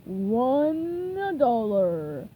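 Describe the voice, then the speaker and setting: A woman putting on a tiny scheming cartoon villain, gloating, demanding, loud, storybook reading. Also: on the high side, big pitch swings, extremely slow, narrow, tinny audio, slight background noise, heavily acted.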